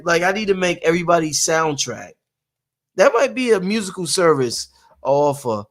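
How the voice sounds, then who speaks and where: A man talks straight to his audience in a loose, rhythmic monologue. His voice sits a bit high for a man, and he swings from loud sung bursts to low, quiet musing. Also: normal speed. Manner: animated, sings and shouts snippets, trails off into low musing. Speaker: show host and producer. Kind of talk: casual monologue to viewers.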